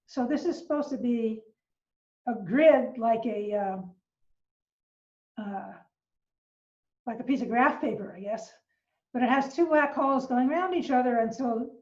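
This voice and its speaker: A woman's voice: high-pitched, a little mellow. An older woman, an astronomy professor, giving an informal science lecture from her living room, explaining patiently with fillers and restarts. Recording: roomy, distant, dull home recording.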